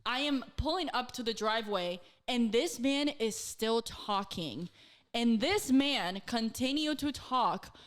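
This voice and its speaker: A woman in her twenties, a podcast co-host, telling a story in casual chat, animated and full of fillers and swearing. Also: fairly high pitch, slow.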